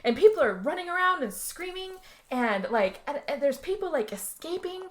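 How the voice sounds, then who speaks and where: A young woman co-hosting a podcast, telling a movie plot in casual chat, animated and swearing, acting out the characters' lines. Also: sits high, normal speed. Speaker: podcast co-host recapping a movie.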